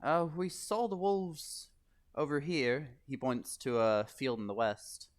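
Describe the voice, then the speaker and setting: A man narrating as game master of a tabletop game, hesitant and halting, with frequent restarts. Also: mid-range voice.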